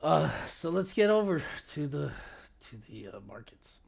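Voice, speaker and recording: Hoarse male market-stream host with a gravelly, mellow voice; halting delivery, full of fillers and throat clearing. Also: a little high, sing-song. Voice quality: raspy. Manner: halting, with many fillers and restarts. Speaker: stock market livestream host. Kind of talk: casual market commentary.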